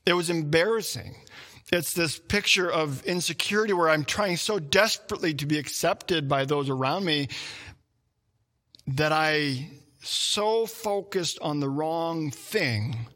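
Bright, lively-voiced male preacher. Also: a little high, a little slow, in a large hall. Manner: animated storyteller, acts out shouts and his own thoughts. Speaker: pastor. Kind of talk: sermon with personal story.

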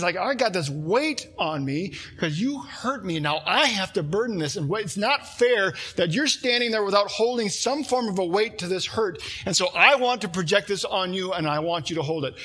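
A man's voice: sits high, expressive, moderate pace, hardly any pauses, pushed and bright, husky. A man preaching a sermon, earnest and conversational, working through an example with a volunteer. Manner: earnest and conversational, using a volunteer as a live illustration. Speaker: pastor.

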